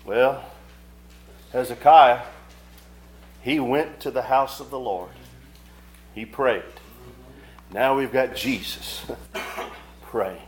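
A man preaching a sermon, reading scripture aloud and breaking into fervent, sudden loud surges with quick casual asides. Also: mid-range voice, slight background noise. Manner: reads scripture aloud in old-fashioned phrasing.

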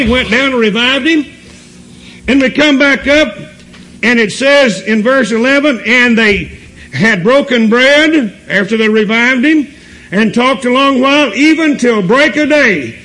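High-voiced preacher man. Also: fairly bright tone, slight background noise, low-quality recording. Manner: reads scripture aloud, asks the listeners rhetorical questions. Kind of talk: sermon.

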